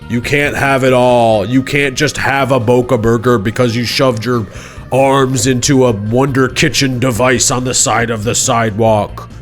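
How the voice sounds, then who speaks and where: A man's voice: medium pitch, a bit bright. A man hosting a live stream, telling a rambling, playful made-up story with lots of self-interruptions. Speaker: streamer host. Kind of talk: improvised comic storytelling.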